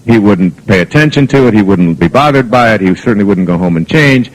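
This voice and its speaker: Deep-voiced man telling stories on stage. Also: animated, a little fast, poor audio. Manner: rambling anecdotal storytelling with fillers. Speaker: motivational speaker. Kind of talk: spoken lecture to an audience.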